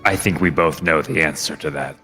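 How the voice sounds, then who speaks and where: A man puts on a car navigator construct in a tabletop game with a voice far lower than his own and a bright, cutting edge. It scolds in a flat, measured tone over faint music. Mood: scolding.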